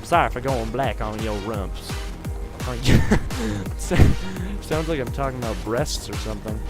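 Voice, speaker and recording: Young male gamer in an old clip, slow and giggly, game music loud behind him. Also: mid-range voice, lively intonation. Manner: giggly, silly, drawn out. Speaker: gaming channel host. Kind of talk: clip of a casual gameplay commentary.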